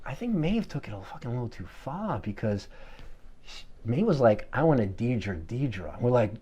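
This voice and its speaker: A comic storyteller swears freely and gets excitable, with a voice that leaps around in pitch. The delivery is an improvised mockumentary-style interview. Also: normal speed, slightly rough, muffled recording. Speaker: comedy troupe performer.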